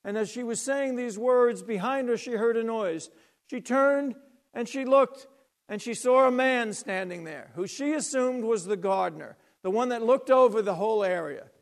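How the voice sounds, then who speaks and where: A man preaching a sermon, retelling a scripture story dramatically, swinging from loud to hushed. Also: extremely high pitch, moderate pace.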